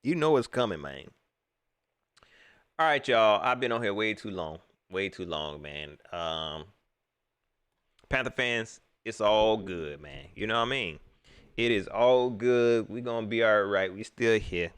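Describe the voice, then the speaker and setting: A man's voice: fairly low pitch, measured pace, smooth, no room sound. A man hosting a live reaction stream, mocking and laughing as he comments on a clip. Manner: animated, laughing, mocking banter. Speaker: livestream host.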